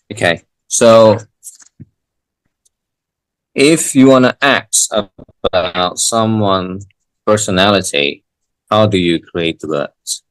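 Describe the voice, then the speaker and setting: A man tutoring English in a casual lesson, talking haltingly with frequent restarts and fillers. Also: low-pitched, a bit bright, dry recording, rough recording.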